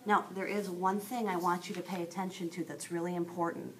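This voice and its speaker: A woman's voice: lowish voice, level tone, a little fast. A woman teacher giving a recorded lesson, explaining step by step and speaking straight to her students.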